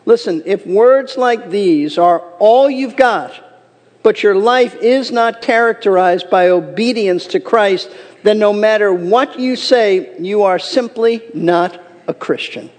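A man's voice: sits high, slow, big-room sound. A man preaching a sermon as a pastor, earnest and emphatic, reading scripture aloud.

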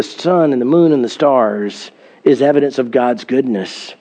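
A man's voice: mid-range voice, measured pace, warm tone. A middle-aged man, a pastor, preaching a sermon in an earnest storytelling manner, with emphatic scripture reading.

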